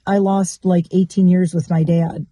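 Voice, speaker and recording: A woman with a very dark, mellow voice muses openly about her life in a confessional vlog. She rambles and circles back on her thoughts in a candid, reflective way. The sound is close and dry, with no room around it. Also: fairly low pitch, flat delivery, moderate pace, dry recording. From Michigan. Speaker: vlogger.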